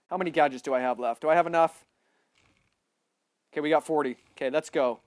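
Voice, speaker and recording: Excitable high-voiced male game streamer. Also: fast talker, pauses often, no echo, studio quality. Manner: excitable, bursts into loud yelling; boastful, repeats phrases. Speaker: gaming livestreamer. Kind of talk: live gameplay commentary.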